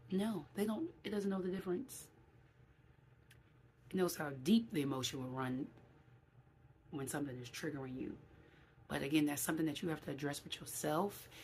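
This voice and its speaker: A middle-aged woman from New City, talking casually to camera in a vlog. She is animated and acts out quoted voices, with many fillers. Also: fairly low pitch, a little hiss or hum. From New York City. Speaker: vlogger.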